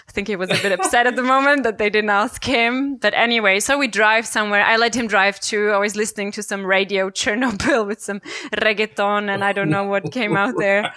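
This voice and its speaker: A woman from Germany chats as a podcast guest and tells a travel story with a bright, clear tone. Her voice sounds close and dry, with little room sound. She laughs often and acts out other people's lines. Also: medium pitch, normal speed, no echo. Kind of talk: casual storytelling. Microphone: remote call-in.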